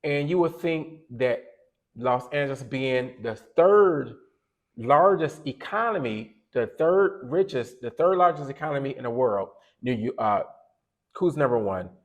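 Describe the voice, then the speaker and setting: A man's voice: mid-range voice, lively intonation, a little slow. A man co-hosting a podcast, giving opinionated casual commentary that rambles and corrects itself as he goes. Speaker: podcast co-host.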